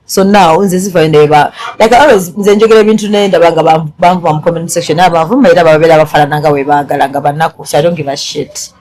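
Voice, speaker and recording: A woman's voice: low-pitched, steady tone, racing, few pauses, darkish tone. A woman hosting a casual chat, switching between English and Luganda, teasing and then apologetic. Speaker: host.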